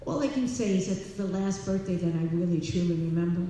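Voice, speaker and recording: A woman sharing her personal recovery story with an audience, warm and animated, laughing and repeating herself as she talks. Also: on the low side, fairly quick, slight background noise. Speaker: speaker at a recovery meeting. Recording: echoey hall, distant mic.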